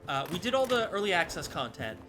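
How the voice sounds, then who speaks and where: A man's voice: sits high, big pitch swings, fairly quick. A man streaming a game live, chatting casually and scattered with viewers, swearing now and then. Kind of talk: casual gameplay commentary. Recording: music playing behind.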